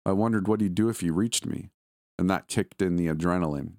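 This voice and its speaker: A man reading a scary story aloud in a calm, measured storytelling voice. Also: low voice, dry recording, studio quality. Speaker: horror story narrator. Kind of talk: scripted narration.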